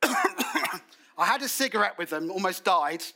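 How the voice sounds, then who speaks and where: A man preaches in a church, his voice sitting a little high and ringing bright. He tells stories with energy, acting out quotes in colloquial British phrasing. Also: unhurried. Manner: animated storytelling with acted quotes. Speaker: guest preacher. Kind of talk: sermon.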